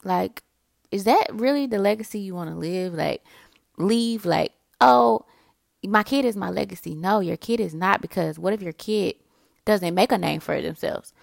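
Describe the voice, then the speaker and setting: A woman's voice: mid-range voice, normal speed, creaky, dry recording, clean studio sound. A woman hosting a podcast, talking casually and motivationally to her listeners, addressing them as y'all. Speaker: podcast host. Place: indoors, early morning.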